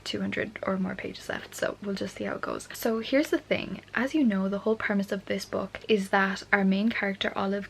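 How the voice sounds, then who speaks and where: A young woman chatting in a casual book vlog, gushing and excitable, often dropping to a soft near-whisper. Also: medium pitch, creaky, a little hiss or hum, low-quality recording. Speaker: book vlogger. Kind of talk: casual reading vlog chat.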